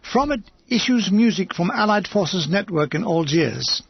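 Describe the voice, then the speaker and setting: Guy narrating a funny war memoir, high husky voice, wry, dry dull home recording. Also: lively intonation, unhurried, no room sound. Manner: wry, dryly comic delivery. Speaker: audiobook narrator.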